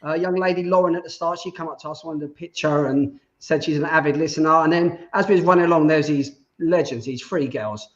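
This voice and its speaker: Fast-talking excited man, muffled sound. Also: on the high side. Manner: enthusiastic storyteller. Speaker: podcast co-host. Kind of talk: casual podcast chat.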